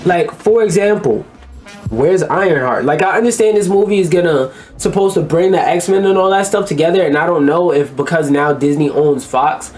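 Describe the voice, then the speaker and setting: A commentary YouTuber with a fairly high-pitched, darkish-toned voice gives casual, crude reaction commentary. He rambles and stumbles over names while reading through a list.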